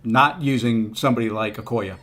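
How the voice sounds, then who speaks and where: A man with a medium-pitched, brisk, slightly bright voice streams a mobile fighting game against faint background music. His casual commentary is rueful and laid-back, aimed at himself and his chat, with coaxing words for his opponent.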